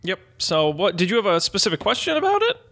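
A male podcast co-host in casual chat, telling a story in an animated, expressive way. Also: sits high, fast talker, vocal fry.

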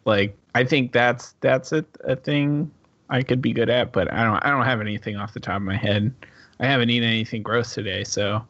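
A man's voice: medium pitch, brisk, a bit bright, lo-fi sound. A man chatting in an easygoing, slightly hesitant way in a casual comedic chat.

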